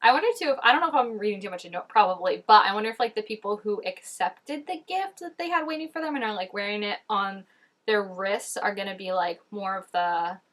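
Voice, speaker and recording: A woman's voice: mid-range voice, fast talker, a bit bright. A woman hosting a reaction video, talking casually as she reacts to scenes and filling her speech with "like". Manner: chatty, frequent "like", reacting to scenes.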